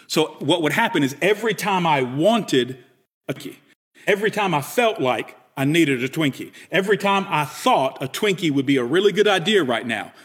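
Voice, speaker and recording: A man preaching a sermon, emphatic and animated, acting out little inner dialogues as he goes. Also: fairly high pitch, breathy edge. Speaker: pastor.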